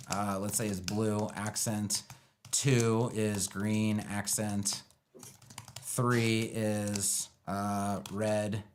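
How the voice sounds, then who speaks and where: A man thinking out loud through a live web-building demo, loose and sarcastic, with lots of fillers. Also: on the low side, a little hiss or hum. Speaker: web design educator building a page live. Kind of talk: casual live screen-share tutorial.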